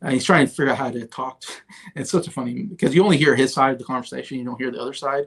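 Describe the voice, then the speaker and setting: A man's voice: mid-range voice, steady tone, rapid-fire, fairly bright tone, slightly rough. A man in his thirties hosting a casual movie review livestream, chatty and rambling, with many fillers and restarts. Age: 30s. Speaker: host.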